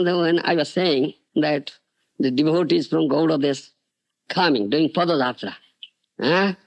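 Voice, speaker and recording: Lively, gravelly man preaching. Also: on the high side, no room sound. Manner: animated, often asks "Do you understand?"; non-native English phrasing. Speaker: spiritual teacher. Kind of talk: sermon storytelling to devotees. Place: temple on a farm.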